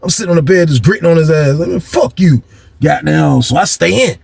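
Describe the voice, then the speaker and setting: A young man with a gravelly, husky voice tells a story from his own life. He talks in loose, slangy bursts and acts out the people he quotes, his voice riding a little high for a man. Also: fast talker. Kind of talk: casual storytelling.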